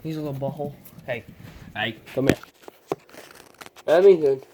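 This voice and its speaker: A man's voice: mid-range voice, moderate pace, background noise. A man filming a casual home vlog on his phone, playfully coaxing a puppy with repeated calls. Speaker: vlogger. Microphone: handheld phone.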